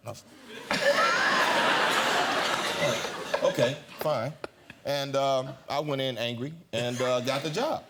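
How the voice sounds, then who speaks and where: A man's voice: mid-range voice, moderate pace. A man, a chat show guest, telling an anecdote with a dry, understated delivery. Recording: loud background noise.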